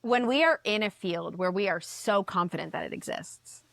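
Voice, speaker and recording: A woman guest on a podcast, telling a story in casual chat, animated, swearing and acting out the voices she quotes. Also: medium pitch, moderate pace, gravelly, no echo.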